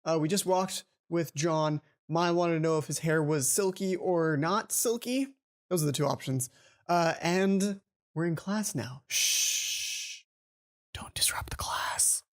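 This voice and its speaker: A man's voice: fairly high pitch, a little slow. A man hosting a let's play, reading the game's text aloud and breaking off into stumbling asides. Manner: stumbling self-interrupting asides, restarts.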